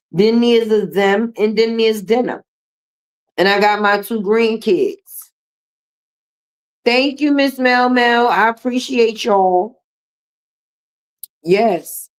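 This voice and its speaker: Talking with her viewers, a middle-aged livestream host comments on things with sassy, foul-mouthed bluntness. She has a medium-pitched voice with a darkish tone.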